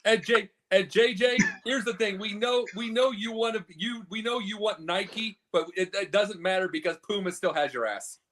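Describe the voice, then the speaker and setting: A man's voice: sits high, moderate pace, hardly any pauses, fairly bright tone. A man co-hosting a sports podcast, lecturing with energy in casual talk. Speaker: podcast co-host.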